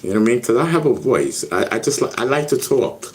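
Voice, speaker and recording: A man's voice: medium pitch, very animated, fast talker, a little hiss or hum. A man hosting a casual livestream with speech, rambling and often repeating "you know what I mean.". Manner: gets loud and shouty when worked up. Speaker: livestream host.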